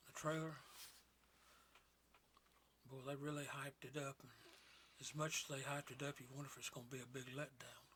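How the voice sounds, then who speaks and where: A soft-spoken man co-hosting a podcast, chatting unhurriedly about films with folksy sayings. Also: medium pitch, flat delivery, normal speed, long pauses, background noise. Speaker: podcast co-host. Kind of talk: casual chat about films.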